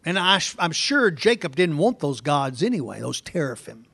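A man with a noticeably high voice teaches through a scripture passage verse by verse. His delivery is conversational, and he keeps turning to the congregation with rhetorical questions. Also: very animated, moderate pace, gravelly, a bit bright, slightly rough. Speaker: preacher.

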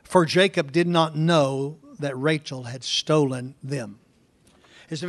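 High-voiced man teaching scripture. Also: fairly even intonation, takes it slowly. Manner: conversational, asks the listeners rhetorical questions. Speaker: preacher. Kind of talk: verse-by-verse Bible teaching.

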